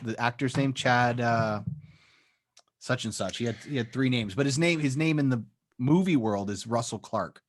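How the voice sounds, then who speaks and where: A man's voice: medium pitch, normal speed. A man co-hosting a podcast, chatting casually about a movie and often hedging with "like" and "um". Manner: rambling, hedging with "like" and "um". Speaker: podcast co-host. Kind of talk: casual chat.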